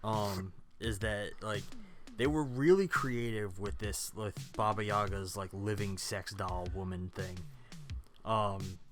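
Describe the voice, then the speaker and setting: Chill guy cohosting a movie podcast, lowish voice, easygoing, faint music in the back. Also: takes it slowly. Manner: laid-back, brief replies, reads from notes with fillers. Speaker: podcast co-host. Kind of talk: casual chat about movies.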